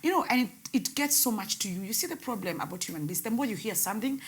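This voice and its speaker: A young woman telling her painful personal story in an interview, her voice swinging between loud outbursts and hushed words. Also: mid-range voice, lively intonation, quick pace. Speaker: guest, radio host.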